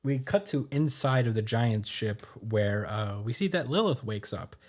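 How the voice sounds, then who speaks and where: A man's voice: mid-range voice, lively intonation, a little mellow. A man hosting a podcast, giving a loose, rambling recap full of fillers. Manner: rambling, many fillers, quick laughs. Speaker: podcast host. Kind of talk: casual episode recap.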